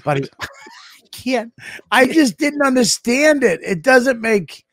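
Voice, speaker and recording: A male podcast host in casual chat, excitable, laughing and swearing freely. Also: very high-pitched, takes it slowly.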